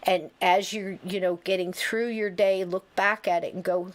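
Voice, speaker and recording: Animated woman around sixty telling stories. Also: mid-range voice, normal speed. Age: about 60. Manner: animated, tells stories with quoted voices and asides. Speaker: podcast host. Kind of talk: casual storytelling chat.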